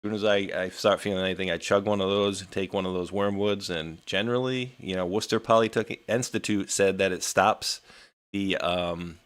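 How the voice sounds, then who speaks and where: A man with a very low voice co-hosts a live talk stream, talking in a loose, rambling way full of restarts and asides. He sounds indignant as he chats about current events. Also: steady tone, brisk, fairly bright tone, clear, resonant tone. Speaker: co-host of a weekly live show. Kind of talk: casual political chat.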